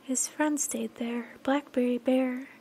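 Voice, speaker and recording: Soft high-voiced woman telling a kids' story. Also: steady tone, takes it slowly, a little hiss or hum. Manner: gentle, soft, sing-song, often whispery. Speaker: children's storyteller and singer. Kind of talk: sung and narrated children's story.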